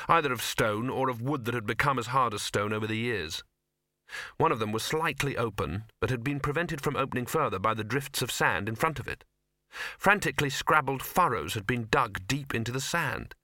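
A man reading an audiobook in measured, wry scripted narration. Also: mid-range voice, sharp tone, no echo, clean studio sound.

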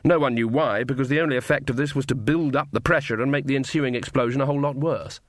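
A man's voice: medium pitch, fast, no room sound. A man narrating an audiobook in a wry, dry manner. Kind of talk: scripted narration.

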